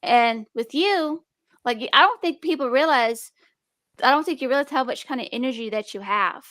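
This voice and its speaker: A woman's voice: high voice, normal speed, fairly bright tone, dry recording. A young woman streamer chatting casually and rambling, with restarts and a speech impediment. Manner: rambling, restarts, talks about being nervous and defensive. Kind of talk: casual chat.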